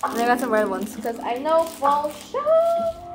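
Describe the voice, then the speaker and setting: A young adult woman chatting casually in a crafting vlog, excitable, rambling and swearing freely. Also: high voice, measured pace. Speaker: vlogger.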